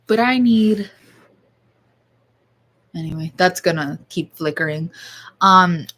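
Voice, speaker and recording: A woman's voice: fairly low pitch, slow pace, fairly bright tone. A young woman vlogging at home, talking casually to her viewers in a rambling, blunt way and swearing freely. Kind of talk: casual rambling chat to camera.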